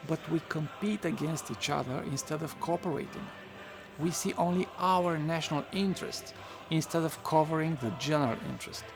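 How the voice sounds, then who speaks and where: Gravelly man narrating an essay. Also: on the high side, normal speed, music in the background. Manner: reflective, occasional wry asides.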